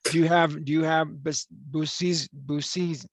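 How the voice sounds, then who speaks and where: A man's voice: a little high, fairly even intonation, a little slow, no room sound. A man officiating a wedding over a video call, chatty and joking as he rambles.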